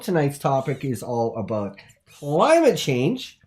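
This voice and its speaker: Man hosting a goofy call-in show, rambling deadpan, pitch all over the place. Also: moderate pace, vocal fry. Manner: rambling, swings from loud to muttered asides; deadpan absurd bluster. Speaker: host. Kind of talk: comedic call-in talk show.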